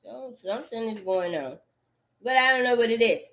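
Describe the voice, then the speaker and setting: A woman's voice: fairly high pitch, expressive, moderate pace, a bit bright. A woman in a rambling, profane monologue, full of cursing and repetitive outbursts.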